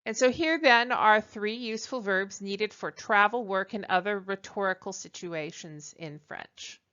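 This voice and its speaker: A woman teaching a French lesson at a slow, careful pace. She fills pauses with ums and uhs and models each phrase clearly so listeners can repeat it. The recording sounds a little dull and lo-fi. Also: mid-range voice, sharp tone.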